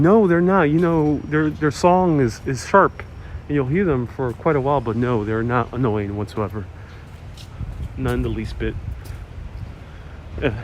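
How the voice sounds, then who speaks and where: A man hosting a live walking tour outdoors, chatting casually to viewers and reading their comments aloud. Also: medium pitch. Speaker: city walk livestream host. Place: outdoors on city streets. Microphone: wireless mic while walking. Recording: outdoor street noise.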